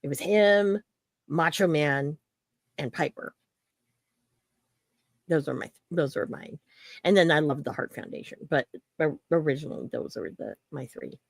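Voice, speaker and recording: A woman's voice: low voice, a little slow, creaky, long pauses, no room sound. A woman co-hosting a podcast in casual chat, telling stories with lots of fillers and swearing. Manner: animated storyteller, swears freely, many fillers. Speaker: podcast co-host.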